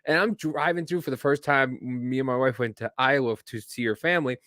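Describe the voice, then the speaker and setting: A man's voice: mid-range voice, brisk, a bit bright, no room sound, clean studio sound. A man from New Jersey hosting a podcast, joking in casual chat and swearing freely. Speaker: podcast host.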